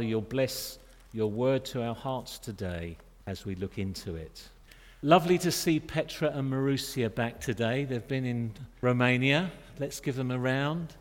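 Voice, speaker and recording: A middle-aged man preaching in a church, chatty and joking with the congregation between points. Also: medium pitch. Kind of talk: sermon. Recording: long reverb of a church hall.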